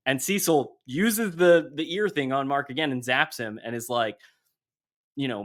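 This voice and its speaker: A man's voice: mid-range voice, normal speed. A man on a podcast, casually retelling a comic issue scene by scene and briefly acting out the characters' lines. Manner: animated storytelling, acting out comic dialogue in passing. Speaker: podcast host.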